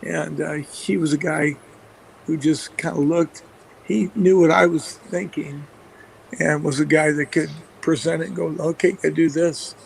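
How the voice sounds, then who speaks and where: Gravelly, flat-voiced football coach, a man. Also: fairly high pitch, a little slow, slight background noise, low-quality recording. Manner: rambling, many fillers and restarts, chuckles often. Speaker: football coach and play caller. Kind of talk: casual anecdotes in a radio interview.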